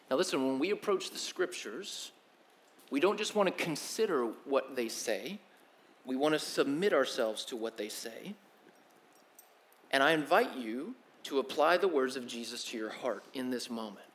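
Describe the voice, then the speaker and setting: A young man preaching a sermon, telling the story in an animated, slangy way that swings from loud to hushed. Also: medium pitch, moderate pace, a little hiss or hum. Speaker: pastor.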